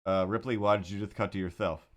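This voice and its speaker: A man's voice: on the low side, steady tone, fast talker. A man hosting a drawing livestream, chatting casually in a rambling, sarcastic way with frequent restarts. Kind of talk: casual chat.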